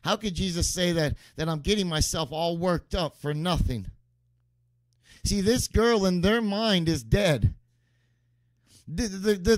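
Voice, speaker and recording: A man's voice: sits high, no room sound. A man preaching a sermon as pastor, emphatic and repeating key phrases for stress.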